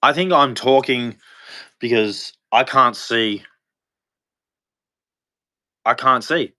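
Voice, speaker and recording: Brief: man, livestream monologue, bright forward tone, halting, restarting, worn down. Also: medium pitch. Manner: halting, rambling, with frequent restarts; weary and despondent. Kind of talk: unscripted personal monologue.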